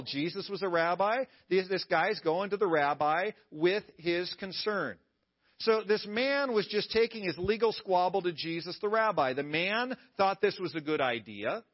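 A man with a high voice preaches a sermon to his church. He keeps it conversational and drops playful asides to the congregation. The sound is dull and lo-fi. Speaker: pastor. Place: church service.

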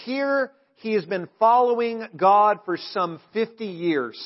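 A man preaching from the pulpit of a church with a somewhat high voice. He is emphatic and draws the congregation into call-and-response, then drops into quieter asides. The recording sounds dull and lo-fi. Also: lively intonation, slow. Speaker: pastor. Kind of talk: sermon. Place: church sanctuary.

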